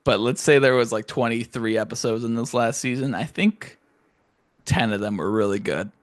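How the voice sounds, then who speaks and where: A man co-hosting a podcast in casual chat, animated and profane, acting out scenes in silly voices. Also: medium pitch, normal speed, no room sound. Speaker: podcast co-host.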